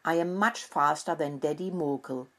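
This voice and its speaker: Woman reading a boastful boy mouse in a storybook: slow, husky and eager. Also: deep voice.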